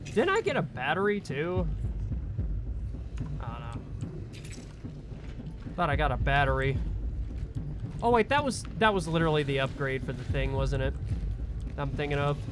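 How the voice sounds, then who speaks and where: A man's voice: fairly high pitch, big pitch swings, normal speed, pauses often, noisy background. A man commenting as he plays a horror game, jumpy, swearing and yelping at the scares. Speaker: let's play gamer. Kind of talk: live gameplay commentary. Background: loud game soundtrack.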